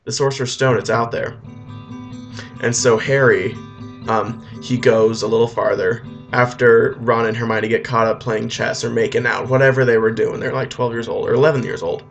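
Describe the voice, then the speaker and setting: A man retelling a film as a rambling comedy story, full of deadpan asides and fillers. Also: medium pitch, moderate pace, vocal fry, lo-fi sound. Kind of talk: comic retelling over music. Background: faint guitar music.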